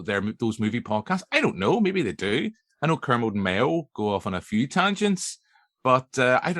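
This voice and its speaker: A Northern Irish man hosts a movie podcast in a loose, jokey ramble full of fillers. His voice is bright and forward. The recording is dry and close to the mic. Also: medium pitch, no echo. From Northern Ireland. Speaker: podcast host. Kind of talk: casual chat.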